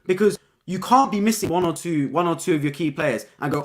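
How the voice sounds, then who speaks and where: Talking fairly quickly in a slightly high voice, a young man runs a live-stream football review. He's casual and excited, says things more than once, and closes lines with "man."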